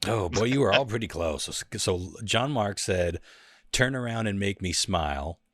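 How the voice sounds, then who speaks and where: A man hosting a music lyrics quiz in a casual podcast, playful and quick to laugh. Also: animated, fairly bright tone, dry recording, studio quality. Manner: playful, laughs often, sings lyrics in a high falsetto. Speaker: host running a lyrics quiz.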